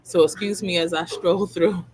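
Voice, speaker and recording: A woman's voice: lowish voice, steady tone, normal speed, a crowd in the background. A woman hosting a true crime livestream, reacting to a clip in blunt, heated, scolding commentary.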